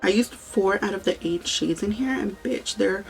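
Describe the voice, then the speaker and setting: A woman's voice: mid-range voice, normal speed, gravelly, faint music behind, low-quality recording. A young woman chatting casually through a makeup tutorial, telling a story and swearing freely. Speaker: beauty vlogger.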